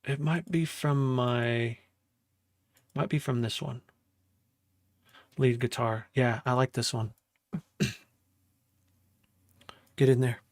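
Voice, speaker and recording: A man's voice: medium pitch, steady tone, slow pace, long pauses, dry recording. Young guy rambling casually on stream while making music, dry sound, mid voice. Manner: chatty and loose, thinks aloud while working. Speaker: music producer streaming a live session. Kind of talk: casual livestream chat.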